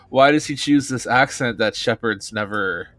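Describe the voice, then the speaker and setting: A man's voice: medium pitch, slow, a bit bright, no room sound. A man streaming a video game, talking casually in a rambling, hesitant way with blunt opinions. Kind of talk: casual commentary over a game.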